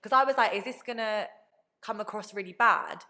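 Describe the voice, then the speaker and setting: Quick, bright-voiced woman in her twenties, chatty guest who acts out quotes. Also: mid-range voice. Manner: animated storytelling, acts out quoted people. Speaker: podcast guest. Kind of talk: casual chat.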